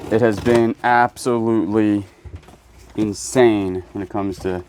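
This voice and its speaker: This low-leaning, somewhat dark male voice moves a little slowly with fairly even intonation. He's a storage unit reseller hosting a casual unboxing, joking around goofily as he unpacks, with faint noise and birdsong behind him.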